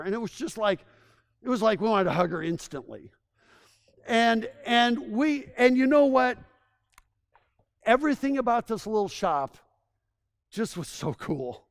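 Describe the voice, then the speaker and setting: A man with a noticeably high voice presents to a room of locals. He tells his stories with gushing enthusiasm, rambling and restarting his sentences as he goes. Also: animated, measured pace, pauses often. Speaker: presenter giving a town assessment. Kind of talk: live presentation to a local audience.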